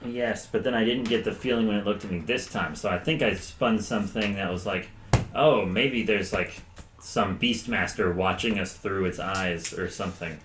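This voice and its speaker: A man's voice: fairly low pitch, steady tone, normal speed, fairly bright tone. A man who played in a tabletop game, chatting and joking casually as he recaps it. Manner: joking, riffing. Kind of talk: casual podcast chat. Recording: echoey room with noise.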